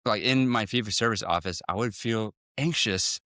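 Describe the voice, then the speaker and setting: Guest dentist, male: deep, crisp and forceful, rattles on with restarts. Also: dry recording, studio quality. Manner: fast, full of restarts, acts out patient talks. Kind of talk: casual podcast interview.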